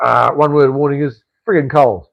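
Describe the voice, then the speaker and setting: A blunt Australian man rambles through a casual live stream, tossing "mate" around and swearing freely. His voice has a gravelly edge and sounds dry and a little dull, as if recorded close with no room around it. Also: medium pitch, steady tone, brisk, no room sound. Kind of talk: casual live stream chat answering viewer comments.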